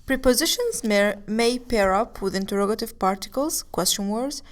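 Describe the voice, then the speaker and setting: A woman giving a recorded language lesson, explaining slowly and mixing English explanations with examples. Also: on the high side, animated. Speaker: language teacher.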